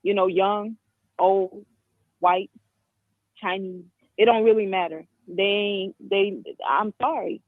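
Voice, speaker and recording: A woman in her twenties from the Caribbean, calling in to a talk show and giving blunt, frank opinions with many halting restarts over a phone line. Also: mid-range voice, fairly even intonation, no room sound. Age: 20s. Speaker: caller. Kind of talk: call-in commentary. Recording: tinny dry phone line.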